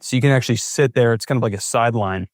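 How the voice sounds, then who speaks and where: A man's voice: medium pitch, rapid-fire, dry recording, clean studio sound. A young man from California, a big wave surfer, recounting his experiences as a podcast guest and acting out his own thoughts as he tells them. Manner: vivid retelling with acted-out inner thoughts. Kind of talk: storytelling in a podcast interview.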